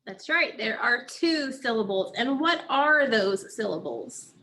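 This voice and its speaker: Slow, patient phonics teacher woman. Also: on the high side, expressive, pushed and bright. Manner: slow, patient, asks and answers own questions. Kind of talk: phonics lesson for children.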